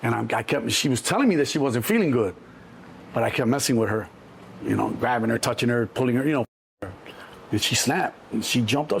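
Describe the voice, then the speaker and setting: A middle-aged man, telling stories as an interview guest in a lively, profane way and acting out other people's voices. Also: brisk, gravelly, a little hiss or hum. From Chicago. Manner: animated, acts out other people's voices in a higher pitch, profane. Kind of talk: storytelling in an interview.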